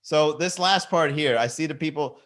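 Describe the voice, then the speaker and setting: A man hosting a comedy podcast, reading song lyrics aloud in a low mocking voice, swearing and joking casually. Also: moderate pace, fairly bright tone. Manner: mocking, swears freely, laughs at own jokes. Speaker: podcast host.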